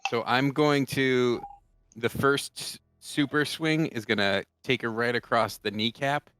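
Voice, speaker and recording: A man's voice: medium pitch, a little slow, a bit bright, clear, resonant tone, no room sound. A man playing a tabletop game, talking eagerly and jokingly, with playful boasting about his character's moves. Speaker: player.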